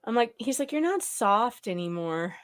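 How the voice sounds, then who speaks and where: A woman co-hosting a casual live talk show, telling lively anecdotes and acting out what others said. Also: on the high side, normal speed. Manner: animated storyteller, acts out quotes. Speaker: co-host. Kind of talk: casual chat.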